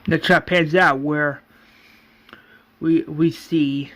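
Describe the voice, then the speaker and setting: Man casually retelling a story, slightly high voice. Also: fairly even intonation, extremely slow, a bit bright. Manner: loose, many fillers like "like, you know". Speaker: fan series writer and narrator.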